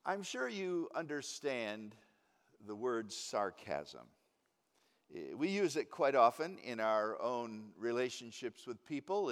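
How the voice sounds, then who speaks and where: A man preaching a teaching sermon in a wry, unhurried way, chuckling at his own points. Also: medium pitch, smooth. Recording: long hall reverb.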